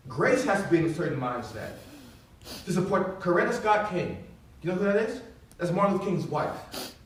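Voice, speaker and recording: A man's voice: high-pitched, expressive, moderate pace, a little hiss or hum. Man lecturing in distant echoey audio. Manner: lecturing, emphatic, repeats himself. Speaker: man in a played private recording. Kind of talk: heated private argument.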